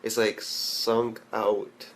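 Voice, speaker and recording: A man's voice: fairly low pitch, little pitch movement, drawn-out words, a bit bright. A young man ranting bluntly and profanely in an anime review, rambling with restarts. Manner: profane and blunt, heavy swearing.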